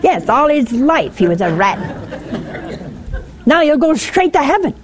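A woman's voice: high voice, big pitch swings, unhurried, a faint crowd, pitched above the performer's own voice. A woman voicing a bitter widow who resents her husband's deathbed conversion, speaking with indignant, half-laughing scorn.

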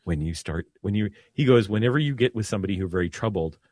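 A man, a priest, co-hosting a radio talk show in casual chat, talking calmly and dropping his voice low to soothe. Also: quick pace, no room sound.

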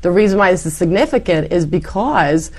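Animated woman telling her life story. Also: lowish voice, fairly quick. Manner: animated storyteller, acts out her past self in quotes. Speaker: interview guest. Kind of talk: personal testimony in conversation.

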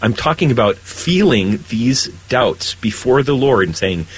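A man's voice: a little slow, husky, poor audio. A man, a priest, talking earnestly about faith in a conversational show, his voice lifting when he is moved. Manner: earnest and animated, rising pitch when stirred. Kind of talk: conversational spiritual talk.

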